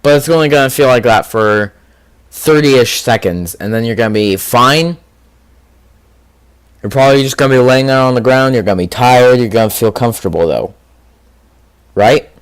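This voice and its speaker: A man's voice: medium pitch, normal speed, pauses often, clean tone, dry recording. Man rambling through a quiz game. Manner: rambling, thinking aloud with fillers. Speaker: gaming video host. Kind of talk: casual commentary on a quiz game.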